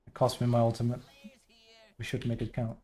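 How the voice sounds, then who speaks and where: A man's voice: mid-range voice, monotone, brisk, mellow. A man streaming a team game and commenting as he plays, often venting about a teammate and sometimes trailing off under his breath. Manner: frustrated, complaining about a teammate. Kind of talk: live gameplay commentary.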